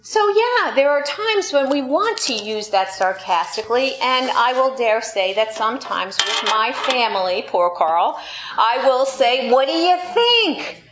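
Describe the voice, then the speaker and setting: A woman's voice: fairly high pitch, animated, a little slow, a bit bright, slight background noise. Sarcastic New Yorker woman preaching. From New York. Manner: storytelling with playful sarcasm. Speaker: pastor. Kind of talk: sermon. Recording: echoey room, slightly dull sound.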